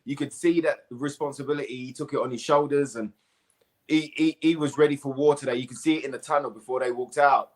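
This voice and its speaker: A man, a guest on a football podcast, talking excitedly and repeating himself over a video call. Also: mid-range voice, quick pace. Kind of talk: casual football chat.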